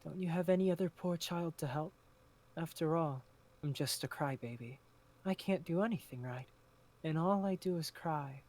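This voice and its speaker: A man's voice: a little high, normal speed, a little mellow, voice pushed up, lightly acted. A man voicing a frightened, lonely little girl in a told story, tearful and self-pitying.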